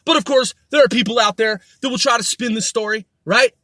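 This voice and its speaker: High-voiced man in a profane rant. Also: fairly quick, sharp tone, dry recording. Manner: profane, ranting, repetitive insults. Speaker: podcast host. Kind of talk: angry monologue rant.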